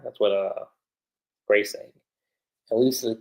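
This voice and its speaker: A man hosting a livestream, recapping an anime episode in a chatty, animated way, with lots of fillers. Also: fairly low pitch, measured pace, poor audio. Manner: animated retelling with frequent fillers. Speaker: anime reviewer.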